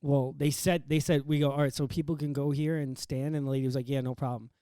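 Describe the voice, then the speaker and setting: Rapid, mellow-voiced man rambling. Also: medium pitch, flat delivery, clean tone, no room sound, clean studio sound. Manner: rapid, rambling, laughs mid-sentence. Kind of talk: casual chat.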